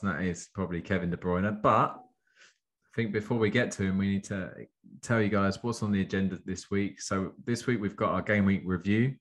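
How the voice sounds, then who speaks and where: A fairly low-pitched man, hosting a casual podcast. He talks in an upbeat, jokey, chatty way, walking listeners through the show. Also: a bit bright. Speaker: podcast host.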